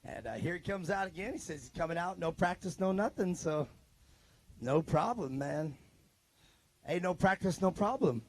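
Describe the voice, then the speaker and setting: A man's voice: high voice, lively intonation, normal speed. A man doing live trackside announcing at an outdoor race, joking and chatting with drivers and crews into a handheld mic.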